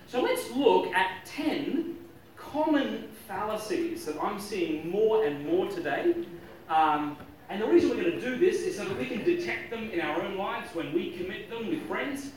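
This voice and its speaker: A man giving a joking, lively talk on logic to a live audience, often chuckling at his own jokes. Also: sits high, slight background noise. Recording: echoey hall, distant mic.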